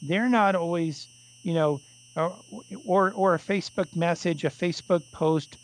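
Man, radio host, high voice, rambling, lots of restarts. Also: a little slow, poor audio. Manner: rambling, many restarts and fillers. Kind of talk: casual call-in radio talk.

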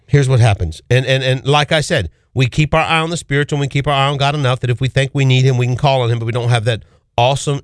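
A man hosting a call-in radio show, preaching with fervent, rapid-fire rhetorical questions from a studio. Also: medium pitch, dry recording. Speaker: radio talk show host.

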